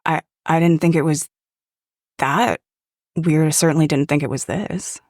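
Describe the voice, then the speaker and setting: A woman's voice: deep voice, fairly even intonation, measured pace, a little mellow, dry recording, studio quality. A woman voicing a nervous young woman adventurer who talks hesitantly and stammers. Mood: worried.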